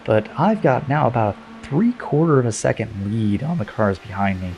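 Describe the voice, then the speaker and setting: A man's voice: mid-range voice, lively intonation, normal speed, darkish tone, a little hiss or hum. A man commentating his own sim race in a chatty, self-deprecating way.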